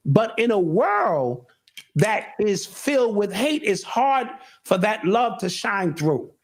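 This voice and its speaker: A man's voice: high-pitched, sing-song, takes it slowly. A middle-aged man in casual chat, talking earnestly and a bit preachily, often repeating words as he restarts. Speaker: show host and guest.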